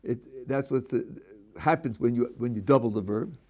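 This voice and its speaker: A man's voice: mid-range voice, normal speed, darkish tone. A middle-aged man, a rabbi, teaching a class: he reads a passage aloud and then explains it, with frequent restarts. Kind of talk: text-based lecture.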